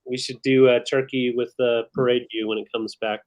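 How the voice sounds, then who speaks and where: A man's voice: mid-range voice, moderate pace. A man co-hosting a live vintage sale stream, chiming in with short, easygoing remarks. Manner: short agreeing interjections, relaxed. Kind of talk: live-stream sales chat.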